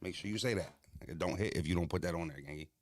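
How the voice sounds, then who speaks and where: A man's voice: deep voice, fast talker, no echo. A young man hosting a livestream, joking loosely and profanely, laughing and roasting his chat. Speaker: livestream host.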